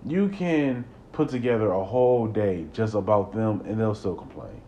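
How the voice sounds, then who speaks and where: A young man hosting a solo podcast, talking into a close mic in a rambling way, repeating words and working himself up into animated rants. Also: fairly low pitch, normal speed, few pauses, muffled recording, a little hiss or hum. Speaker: podcast host.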